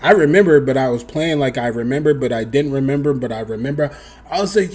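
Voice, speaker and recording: A young man telling a casual story to his viewers, animated, acting out the other people in high voices and swearing freely. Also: quick pace. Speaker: storyteller vlogger.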